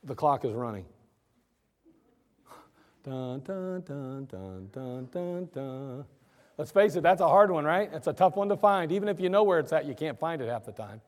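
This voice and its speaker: A man's voice: on the high side, animated, fast, few pauses, big-room sound. A male pastor preaching a sermon in an emphatic, conversational way, acting out his listeners' objections. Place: church.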